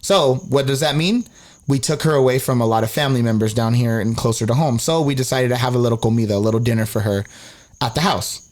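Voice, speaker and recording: A young man co-hosting a podcast, telling a story in casual chat, animated, swearing freely and acting out quotes with big jumps in pitch. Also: fast. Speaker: podcast co-host.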